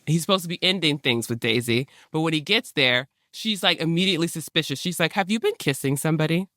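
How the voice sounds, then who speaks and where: A man's voice: a little high, fast talker, bright, forceful tone, no room sound, clean studio sound. A man hosting a podcast, retelling a historical story in casual modern slang and briefly acting out the people in it. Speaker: podcast host.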